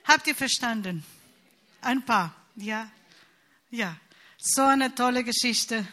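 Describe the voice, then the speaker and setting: A middle-aged woman from Costa Rica with a Costa Rican Spanish accent, chatting warmly to a congregation with fillers. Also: on the high side, slow. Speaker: church speaker. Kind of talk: casual address to a congregation.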